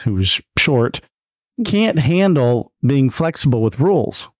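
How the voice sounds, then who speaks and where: A man's voice: medium pitch, very animated, slow, no room sound, studio quality. Teasing man in his forties. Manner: teasing, interrupts. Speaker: husband on a podcast. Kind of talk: casual banter.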